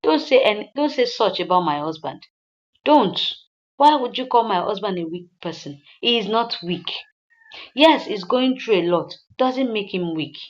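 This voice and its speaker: A woman's voice: medium pitch, expressive, moderate pace, lightly acted. Brief: a woman doing a loyal wife, firm and insistent, slightly dull sound. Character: loyal wife defending her husband.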